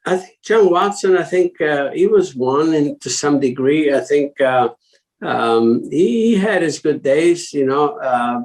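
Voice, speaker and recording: A man's voice: a little high, poor audio. An older man from Italy, a former racing driver as interview guest, telling stories in a rambling way with many fillers and restarts. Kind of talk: casual interview talk.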